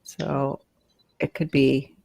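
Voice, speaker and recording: A woman hosting a late-night livestream, chatty, getting louder when she gets excited. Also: very deep voice, extremely slow, vocal fry, breathy edge, no room sound. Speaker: livestream host. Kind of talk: casual chat.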